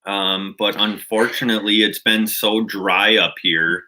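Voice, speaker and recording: A man with a Minnesotan accent chats unhurriedly on a casual livestream. His voice sits a little low, with a bright, forward edge. He rambles and restarts, dotting his talk with fillers. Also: fairly even intonation, a little slow. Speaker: channel host.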